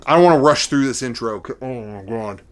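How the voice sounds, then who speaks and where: A middle-aged man hosting a casual collecting vlog, rambling and excitable, playing up mock emotion. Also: medium pitch, a little fast. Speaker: vlogger showing figure collection.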